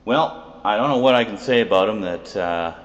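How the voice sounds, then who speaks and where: A man's voice: fairly low pitch, moderate pace, highs cut off. A man hosting his own review show, chatting casually with wry, rambling asides. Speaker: video reviewer, show host.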